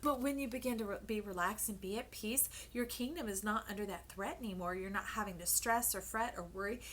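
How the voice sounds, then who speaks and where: A woman giving a casual tarot reading to camera, playful and animated, who often drops to a soft whisper and calls her listeners "baby" and "y'all". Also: mid-range voice, fairly quick, slight background noise. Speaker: tarot card reader.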